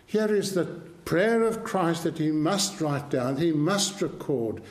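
A man's voice: on the high side, expressive, slow. A man preaching a sermon in an earnest, emphatic way, repeating his key phrases for weight.

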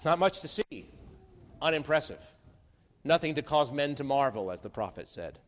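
A male pastor delivering a sermon with a lively, swooping delivery that climbs and drops through his phrases. His voice sits a little higher than most men's, and he drives his points home with emphatic rhetorical questions. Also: normal speed.

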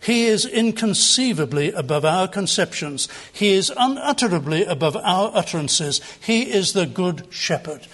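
A man's voice: sits high, fairly bright tone. An older man preaching a sermon as pastor, earnest and emphatic, building on repeated phrases.

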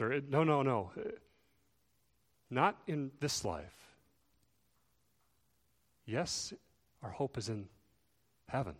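A man preaching a sermon, earnest, swelling louder and dropping soft to stress his points. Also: medium pitch. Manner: earnest, rises and falls in volume for emphasis. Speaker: pastor. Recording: long reverb of a large hall.

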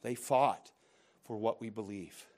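A man preaching a sermon as pastor, swinging between loud emphatic bursts and hushed, slow asides, and asking listeners rhetorical questions. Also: fairly low pitch.

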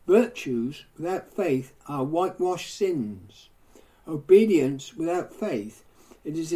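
A man delivers a sermon in a mellow, somewhat high voice. He declaims, with rising lists of phrases that swell in force and then sink to quiet, grave endings. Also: rough recording. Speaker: preacher.

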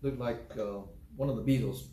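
A man preaching a sermon, earnest and deliberate, repeating key phrases slowly for emphasis. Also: mid-range voice, warm tone. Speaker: pastor. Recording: echoey room with faint background noise.

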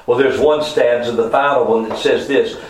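A man preaching a sermon, fervent, his voice swinging from soft, slow passages to loud, rising emphasis. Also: medium pitch, steady tone, a little hiss or hum. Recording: echoey room with faint ambience.

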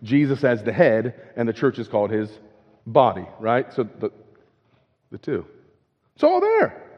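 A man's voice: mid-range voice, normal speed. A man preaching a sermon in a conversational way. He keeps checking in with "right?", and he repeats and restarts words as he goes. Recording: dull lo-fi with long hall reverb.

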